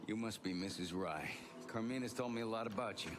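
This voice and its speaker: A man plays a wounded, weary settlement leader in a video game, his voice very deep and grave. His replies are short and clipped, and music runs underneath. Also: fairly quick, natural voice.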